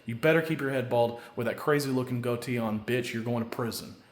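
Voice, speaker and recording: A man pours out a long, heated, foul-mouthed monologue, looping back to the same filler question again and again. His voice sits at an ordinary mid pitch and carries a roomy echo. At its peaks the anger breaks into shouting. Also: a little fast, a little hiss or hum. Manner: angry, profane, repeats a stock filler question; builds to loud shouting at times. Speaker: vlogger. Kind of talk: rambling solo rant to camera. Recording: echoey room.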